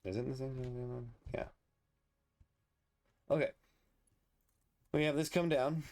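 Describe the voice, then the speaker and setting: A man's voice: mid-range voice, fairly even intonation, moderate pace, darkish tone. A man casually commenting on his gameplay, muttering and thinking aloud as he builds. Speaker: let's play host.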